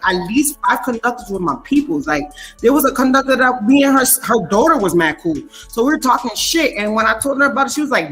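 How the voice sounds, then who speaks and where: A woman telling a long story in casual chat, animated and full of profane slang. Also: mid-range voice.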